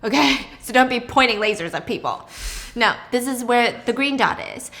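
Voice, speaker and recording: A woman hosting a casual movie recap, chatty and animated, swearing freely as she tells it. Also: on the high side, normal speed. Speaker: host.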